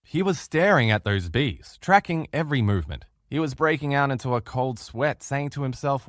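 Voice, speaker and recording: A man's voice: mid-range voice, moderate pace, few pauses, dry recording, clean studio sound. A man teaching a relationship course as a motivational lecture, telling stories and asking the listeners rhetorical questions. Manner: animated, storytelling with rhetorical questions.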